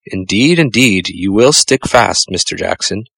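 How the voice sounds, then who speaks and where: A man's voice: lowish voice, lively intonation, a little slow, gravelly, a bit bright, husky, no echo, full character voice. A man voicing a prim, fussy, house-proud little female mouse who speaks in a fretful, proper way.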